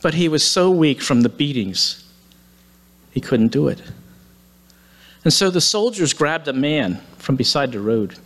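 A man's voice: on the high side, animated, unhurried, long pauses. A man preaching, retelling a story dramatically and acting out the quoted lines. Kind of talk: sermon storytelling. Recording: long hall reverb.

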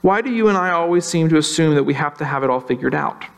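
Guy pastor giving a sermon, pretty high voice, talks casual, does little worried voices. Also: expressive, creaky, smooth. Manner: conversational, acts out worried voices, slows for emphasis.

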